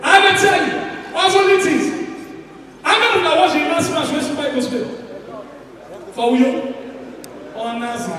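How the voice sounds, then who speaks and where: A man with a Nigerian accent doing a loud, animated stand-up comedy routine and slipping into pidgin. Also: extremely high pitch, normal speed, long pauses. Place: large indoor comedy venue. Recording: echoey hall from far off, crowd.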